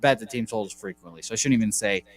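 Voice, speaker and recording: A man's voice: on the low side, very fast. A man hosting a casual sports betting show, rambling and correcting himself as he reels off baseball stats. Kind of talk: casual podcast chat.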